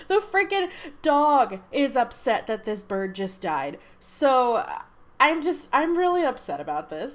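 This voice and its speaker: A woman commenting on her own game in a high, bright-pitched voice. Her talk is animated and emotional, and she laughs often. Her pitch swings widely from one phrase to the next. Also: measured pace. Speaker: gaming channel host. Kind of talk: let's play commentary.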